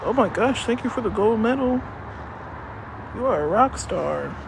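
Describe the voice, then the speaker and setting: A woman's voice: fairly high pitch, animated, measured pace, creaky. A woman livestreaming outdoors on a city street, chatting casually and rambling with her viewers, swearing freely and saying she is cold. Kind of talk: casual live-stream chat. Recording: street noise, echoey street.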